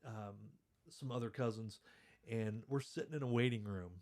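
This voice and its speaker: A man's voice: mid-range voice, normal speed, darkish tone. A man hosting a podcast, telling stories in a rambling, self-deprecating way and laughing through them. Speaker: podcast host. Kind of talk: casual storytelling chat.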